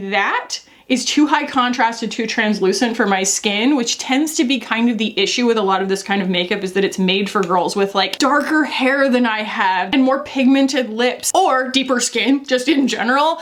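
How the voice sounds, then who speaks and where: A young American woman talks through her makeup in a loose, candid, chatty way. Her voice sits a little high for a woman, and she laughs often as she goes. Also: moderate pace, hardly any pauses, a bit bright. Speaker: beauty vlogger. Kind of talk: casual makeup review.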